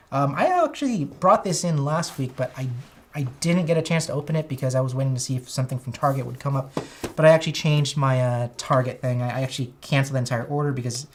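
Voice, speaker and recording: Man with a high, whiny voice, rambling and enthusiastic, chatting on a toy livestream with faint noise behind. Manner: rambling, enthusiastic, self-correcting. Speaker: toy collector streamer. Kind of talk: casual toy unboxing livestream chat.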